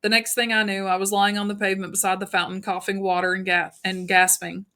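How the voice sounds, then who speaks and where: An audiobook narrator, a woman with a medium-pitched voice, reads a novel aloud. Her narration is even and unhurried, with a few small slips.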